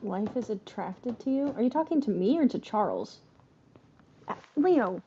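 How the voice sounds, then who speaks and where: A woman's voice: fairly high pitch, big pitch swings, moderate pace, dark tone, highs cut off, slight background noise. A woman hosting a casual live stream, chatting and coaxing her pets in between bits of play-by-play.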